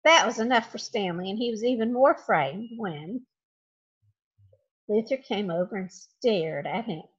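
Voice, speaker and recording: A woman reading a children's chapter book aloud in an expressive, dramatic way. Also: mid-range voice, a little slow, breathy edge. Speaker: storybook reader. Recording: dull lo-fi home recording.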